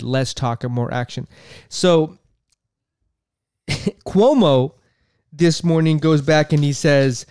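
A man's voice: mid-range voice, a little mellow, clear, resonant tone, dry recording, studio quality. A man giving heated political commentary, cursing often and repeating himself as he gets worked up.

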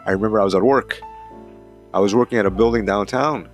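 A man's voice: on the low side, fast talker, faint music behind. A man hosting a hockey talk show, ranting in a profane, heated, rambling way. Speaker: hockey podcast host. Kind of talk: casual rant, reading a column aloud.

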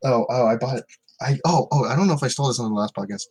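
A man's voice: mid-range voice, fast talker, darkish tone, slightly rough. A man co-hosting a casual podcast from home, rambling through stories with restarts and laughs. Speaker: podcast co-host. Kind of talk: casual chat.

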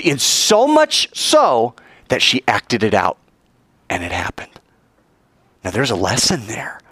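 A male preacher delivering a dramatic sermon, acting out the voices of the story and climbing high in pitch to stress his points. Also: a bit bright, slightly rough, no room sound. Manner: dramatic, acts out voices and soars in pitch for emphasis.

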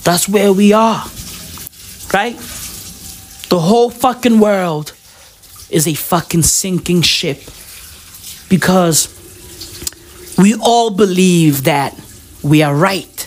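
A woman's voice: mid-range voice, expressive, slow pace, long pauses. A woman with a South African accent delivering a rambling, profane comic rant full of slang.

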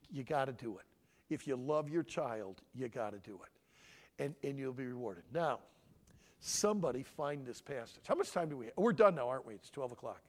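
This man from Michigan is in his sixties and has a mid-range voice. Speaking at a family conference, he gives an animated, sermon-like talk and presses the audience with questions.

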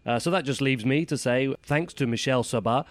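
A man's voice: mid-range voice, fairly quick, no room sound. A man hosting a show, giving a casual announcer wrap-up. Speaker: show host. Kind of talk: radio show link. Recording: loud music bed behind the voice.

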